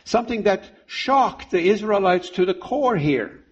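A middle-aged male preacher delivers a sermon in an unhurried, emphatic cadence. His voice is husky and sits a little high for a man. The recording sounds dull and lo-fi. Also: animated. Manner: slow, deliberate, emphatic delivery with pauses.

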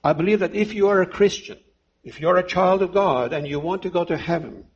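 A man in his fifties preaching a sermon, delivering it slowly and emphatically with deliberate pauses. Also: high voice, breathy edge, dull audio.

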